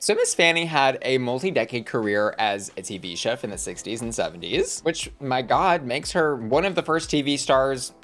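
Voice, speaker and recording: A man's voice: medium pitch, animated, moderate pace, hardly any pauses, a bit bright. An American man giving sassy, blunt recap commentary as a reality TV reviewer, with a campy, dramatic manner. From United States.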